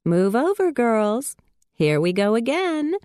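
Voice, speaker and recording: A woman's voice: on the high side, very animated, slow, a little mellow, no room sound, clean studio sound, pitched above the performer's own voice. A woman voicing a bouncy, light, mischievous young mill girl in a storybook reading. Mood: teasing. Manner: teasing, light.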